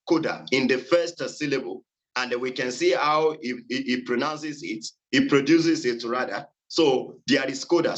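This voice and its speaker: A man presenting a seminar on phonology, reading in a halting way with many fillers and repeated words. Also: medium pitch, poor audio. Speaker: student presenter.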